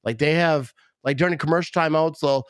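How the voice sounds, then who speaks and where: Middle-aged man from Wisconsin, podcast host, a bit tipsy, rambling casual chat, fairly high voice, dry close sound. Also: quick pace, clean tone, no room sound. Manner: rambling, loose, full of "like" and "bro". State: a little tipsy.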